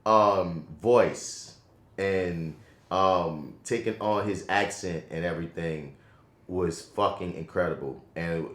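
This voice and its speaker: Man, lowish voice, slangy casual film talk, echoey room. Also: slow pace. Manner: animated, slangy, profane, swings between loud and soft. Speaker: podcast co-host, film reviewer. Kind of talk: casual film review chat.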